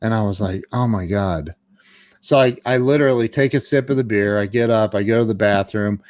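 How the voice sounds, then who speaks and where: Halting middle-aged man telling his story. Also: on the low side, steady tone, a little mellow, no echo. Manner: halting, with frequent stammered restarts. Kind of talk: candid personal storytelling.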